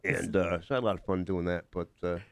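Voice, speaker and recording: A man's voice: low voice, level tone, quick pace, creaky, no room sound. An older man, a guest actor on a radio show, telling rambling stories in casual talk, with many fillers and restarts. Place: radio studio.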